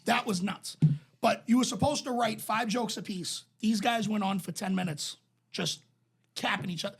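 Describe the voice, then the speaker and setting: A man with a raspy, smoker-sounding voice, full of gravel and breath. He co-hosts a podcast, rambling through profane stories with plenty of restarts. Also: high voice. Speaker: podcast co-host. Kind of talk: casual storytelling chat.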